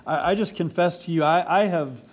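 Male pastor, 40s, fairly high voice, earnest sermon delivery with repeated emphasis. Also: brisk, slightly rough.

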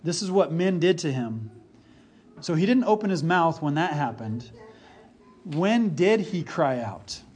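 Slow, earnest male preacher. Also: fairly high pitch, very animated, darkish tone, breathy edge. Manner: earnest, repeats key phrases for emphasis; slow and deliberate. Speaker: pastor. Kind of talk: sermon.

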